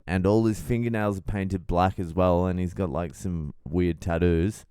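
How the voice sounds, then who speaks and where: A man's voice: deep voice, fairly even intonation, normal speed, mellow, clean tone, dry recording, studio quality. Blunt, profane male comedian. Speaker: podcast host, comedian. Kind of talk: casual storytelling monologue.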